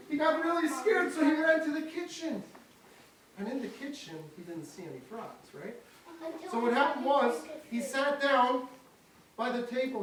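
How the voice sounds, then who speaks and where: A woman telling a dramatic story to a group of children, lively and asking them questions, heard in a large echoing hall. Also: high-pitched. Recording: very echoey hall, far from the mic.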